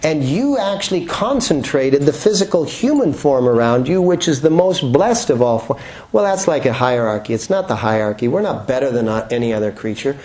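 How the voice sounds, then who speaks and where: A man giving a relaxed, joking talk to a room full of people at the start of a yoga class, often checking in with rhetorical questions. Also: mid-range voice, a little fast. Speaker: yoga teacher.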